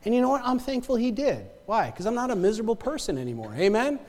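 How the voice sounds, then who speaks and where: Quick and sing-song, a man with an extremely high, darkish voice preaches in a relaxed, conversational way. He repeats words and checks in with "right?" and "amen?", his voice echoing with long reverb through the church sanctuary.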